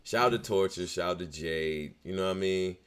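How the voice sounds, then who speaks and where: A man co-hosting a casual recap show, talking in an animated, profane, trash-talking way. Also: low-pitched, fairly quick, smooth. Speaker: podcast co-host.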